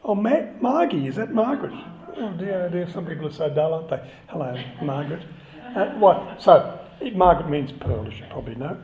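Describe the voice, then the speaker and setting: A man's voice: fairly high pitch, expressive, brisk. A man giving a chatty, conversational sermon and joking with the congregation. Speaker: preacher. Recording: echoey, slightly dull church recording.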